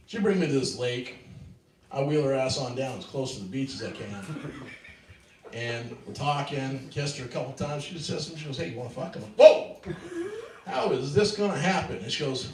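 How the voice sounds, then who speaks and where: A man's voice: mid-range voice, recorded from a distance. Middle-aged guy telling a stand-up story, laughing along, roomy open mic sound with faint hiss. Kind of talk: stand-up comedy set. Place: small open mic venue.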